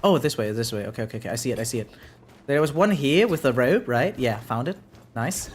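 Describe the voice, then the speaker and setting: A man's voice: medium pitch, animated, brisk, faint music behind. A German man speaking English with a German accent, chatting casually with viewers while playing a game on stream. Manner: rambling, chatty, frequent "right?" tags. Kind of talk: casual live-stream chat while gaming.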